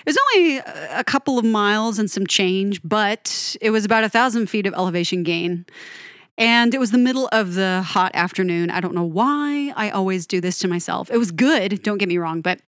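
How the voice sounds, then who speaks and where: A young woman hosting a solo music deep-dive show, chatty and enthusiastic with frequent laughs, her voice a little froggy and winded after a run. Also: normal speed, a bit bright, no echo, clean studio sound. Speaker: music podcast host. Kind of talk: casual solo music analysis.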